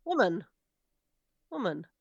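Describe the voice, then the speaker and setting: A woman's voice: medium pitch, big pitch swings, slow pace, creaky, no echo, lo-fi sound. A woman co-hosting a podcast, chatting casually with playful, teasing asides. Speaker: podcast co-host. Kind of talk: casual chat.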